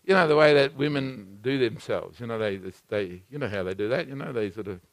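A man preaching a sermon, swinging between loud exhortation and hushed, intimate asides. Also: mid-range voice, brisk, no echo.

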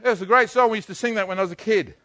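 An older man preaching a sermon, swinging from hushed to loud. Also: high-pitched, racing, dry recording. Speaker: pastor.

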